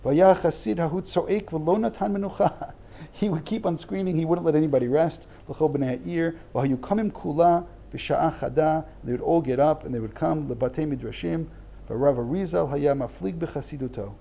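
A man's voice: fairly high pitch, normal speed, gravelly, mellow. A middle-aged man teaching a text-study lesson, who reads Hebrew text aloud and translates it line by line, with earnest explanations and repeated false starts. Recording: dull lo-fi recording.

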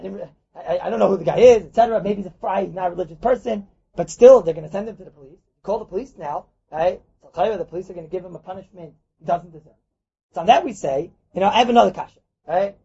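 A man leads a lively Talmud class, swinging his voice high and low as he acts out little scenes. His voice is rough and husky, quick in delivery. The recording is dull and lo-fi. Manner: acts out dialogues, mixes Yiddish and Hebrew terms, repeats points. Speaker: rabbi teaching Talmud class. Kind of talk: animated Torah lecture.

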